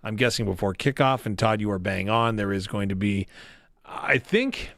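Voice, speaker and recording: A man from Canada hosting a sports radio show, asking questions in a lively, joking way. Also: fairly low pitch, moderate pace, dry recording, studio quality. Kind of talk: radio interview and call-in chat.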